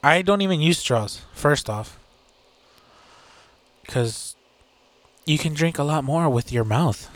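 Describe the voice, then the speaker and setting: A man's voice: on the high side, expressive, slow pace, pauses often. A man hosting his own show, ranting casually and profanely with sarcasm, fillers and bursts of laughter. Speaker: podcast host. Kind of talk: casual solo rant.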